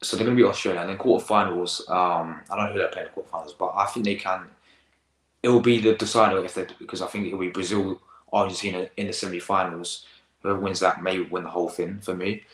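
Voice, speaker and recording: Teen male streamer, deep voice, rambling slangy chat, echoey room. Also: fairly even intonation, quick pace, fairly bright tone. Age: teens. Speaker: football reaction host. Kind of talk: casual live-stream chat.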